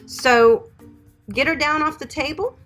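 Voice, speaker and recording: A middle-aged woman who works as a pet groomer hosts a livestream Q&A, reading viewer comments and answering questions in a chatty, affectionate way, calling people honey and sweetheart. Her voice is high-pitched, unhurried and a bit bright, with faint music in the background.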